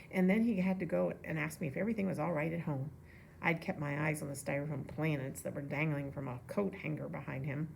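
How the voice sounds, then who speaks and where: Woman reader, low gravelly voice, relaxed storybook reading with asides. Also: slight background noise. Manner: relaxed, with casual asides to listeners. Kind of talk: reading a children's novel aloud.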